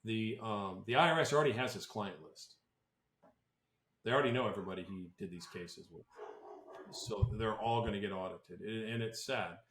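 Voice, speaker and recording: A man's voice: lowish voice, normal speed, a bit bright, a little hiss or hum. Blunt, opinionated man in a roomy space. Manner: blunt, opinionated, many restarts. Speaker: tax planning advisor. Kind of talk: casual podcast talk. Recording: roomy echo.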